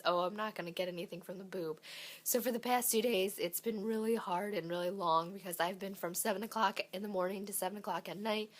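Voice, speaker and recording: A young woman, a mother, giving a casual vlog update while sick and losing her voice, chatty and full of ums. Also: medium pitch. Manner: chatty, lots of ums and likes. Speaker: parenting vlogger. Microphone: handheld camera, shaky.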